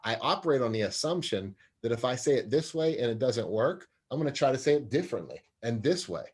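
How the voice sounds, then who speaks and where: A man's voice: mid-range voice, big pitch swings, fast talker, husky. A man in his forties, a sports psychologist talking as an interview guest, earnest and expansive, often laughing at himself. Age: 40s. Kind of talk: conversational interview.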